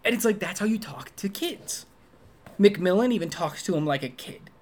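Animated man reviewing a film casually. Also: moderate pace. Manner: animated, acts out quoted lines in high voices. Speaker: podcast co-host. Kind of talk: casual movie review chat.

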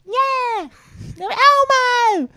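A woman doing a high, squeaky, babyish puppet voice for a childlike furry monster in an improv party game, talking about herself in the third person. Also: very slow, pushed and bright, exaggerated voice. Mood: goofy childlike.

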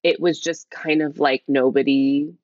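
A woman guest speaking quietly as she tells a candid personal story, rambling with lots of "like" and restarts. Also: low voice, steady tone, a little slow, no echo, highs cut off. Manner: rambling, heavy use of "like", restarts. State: speaking quietly, half-whispering. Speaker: interview guest.

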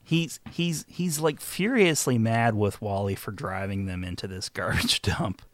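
A man co-hosting a casual movie-review podcast, swearing freely and swinging between loud jokes and mumbled asides. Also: on the low side, measured pace, no echo, studio quality. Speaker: podcast co-host.

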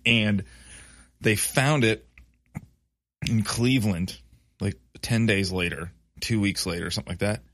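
Man, thirties, rambling casual storyteller, somewhat low voice, dry close sound. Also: measured pace, long pauses, a bit bright, no echo. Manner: loose, profane, rambling storytelling. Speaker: conversation partner telling a story. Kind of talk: casual chat.

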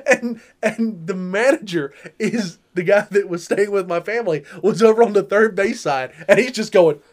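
A middle-aged man telling stories in a casual chat, animated, laughing often and acting out what people said. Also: high voice, normal speed. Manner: animated, laughs often, acts out quotes loudly. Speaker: podcast co-host.

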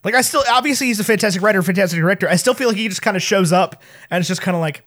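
A man's voice: high voice, racing, few pauses, fairly bright tone. A man co-hosting a podcast in casual chat, chatty and full of fillers. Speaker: podcast co-host.

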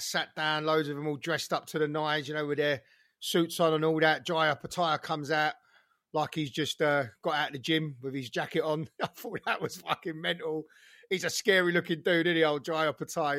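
A man's voice: fairly high pitch, a bit bright, no echo, clean studio sound. A British man co-hosting a boxing chat, laughing easily and swearing, with tags like "innit". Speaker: boxing podcast co-host. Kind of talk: casual chat.

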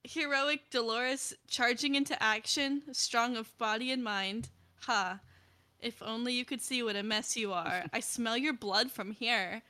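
A woman reading the lines of a mocking unseen voice in a cave in a slow, taunting way. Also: fairly high pitch, bright, forceful tone.

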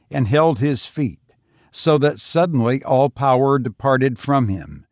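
A man reading a story aloud in a slow, measured, solemn manner. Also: medium pitch, a little mellow, no room sound, studio quality. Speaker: narrator.

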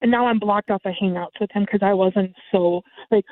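A woman's voice: mid-range voice, moderate pace, no echo. A woman as an interview guest, animatedly telling a personal story and acting out the dialogue. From United States. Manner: animated, acts out quoted dialogue. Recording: tinny phone line, dry.

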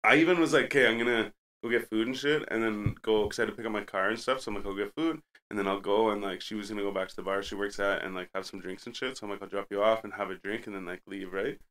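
Fast-talking podcast guy, rambling. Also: on the low side, a bit bright. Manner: rambling, profane, goes off on tangents. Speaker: podcast co-host. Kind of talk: casual storytelling.

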